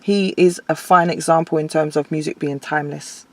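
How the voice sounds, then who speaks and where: A woman's voice: low voice, steady tone, moderate pace, darkish tone. A woman musician speaking in a casual interview, earnest and reflective, laughing easily. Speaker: guest musician.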